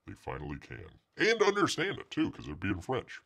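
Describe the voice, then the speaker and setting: A man's voice: on the high side, huge pitch swings, fairly quick, creaky, hardly any pauses, pushed and bright. A man hosting a live stream, chatting casually, joking and rambling, and speaking of himself in the third person. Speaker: livestream host.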